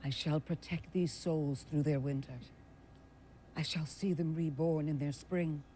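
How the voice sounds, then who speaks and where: A woman's voice: deep voice, fairly even intonation, a little slow, dark tone, a little hiss or hum. A woman doing an earnest forest guardian.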